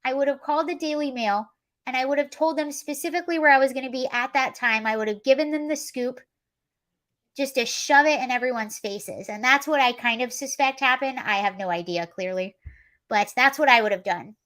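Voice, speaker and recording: A chatty woman hosting a casual livestream with a slightly high voice. She talks freely and animatedly, riffing on the news and answering viewers as she goes. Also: brisk. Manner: chatty, animated, reads chat comments aloud. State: allergies, coughing and sneezy. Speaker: livestream host. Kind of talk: casual political commentary livestream.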